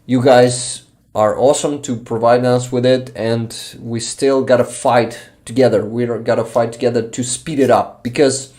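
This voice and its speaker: A man's voice: mid-range voice, fairly even intonation, moderate pace, a little mellow. Ukrainian-accented man chatting on a livestream. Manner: searches for English words, laughs often. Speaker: livestream host. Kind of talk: casual live-stream chat reading messages.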